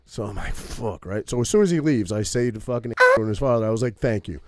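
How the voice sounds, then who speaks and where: A man's voice: mid-range voice, quick pace, dry recording. Profane storytelling man, dry close mic. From Maine. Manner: profane, animated storytelling with many "right?" tags. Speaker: podcast co-host. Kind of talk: casual storytelling.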